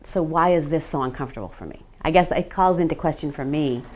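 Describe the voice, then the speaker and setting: A middle-aged woman speaking as a parent in a radio documentary interview, reflective and halting as she searches for words. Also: low voice, a little mellow, slight background noise. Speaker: parent of a transgender teen.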